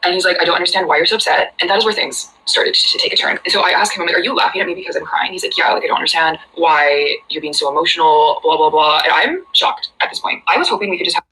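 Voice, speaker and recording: A woman's voice: on the low side, racing, hardly any pauses, pushed and bright, slight background noise, poor audio. A young woman telling a personal story in a rambling, hesitant way full of "like". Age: young adult. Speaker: storyteller in a played clip.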